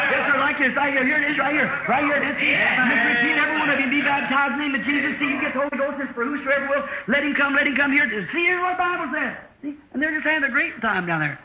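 A preacher with a notably high voice tells a homespun parable from the pulpit and acts out each character's lines. The recording is an old sermon tape that sounds dull and echoey, as if captured in a reverberant church. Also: male voice, a little hiss or hum. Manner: folksy storytelling preacher, acting out dialogue with shifting voices.

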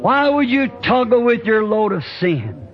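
A man preaching a revival sermon, telling a folksy story in plain rural speech and building to shouting climaxes. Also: high voice, sing-song, measured pace. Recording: dull lo-fi archival tape with faint hiss.

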